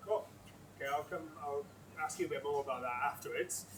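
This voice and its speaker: Higher-voiced male moderator, far off. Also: fairly quick, fairly bright tone. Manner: casual, searching for words while asking questions. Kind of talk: panel discussion. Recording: far-off mic with faint noise.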